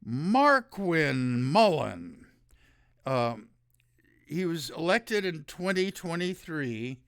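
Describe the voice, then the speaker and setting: A man's voice: a little high, big pitch swings, slow pace, gravelly, a bit bright, clean tone, no echo, studio quality. A man hosting his own show, giving rambling, sarcastic solo commentary. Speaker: show host.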